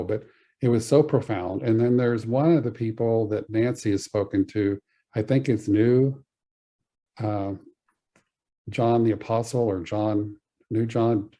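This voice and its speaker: A man telling a personal spiritual story as a podcast guest, earnest and halting, with many pauses and fillers. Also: fairly low pitch, dark tone, muffled recording.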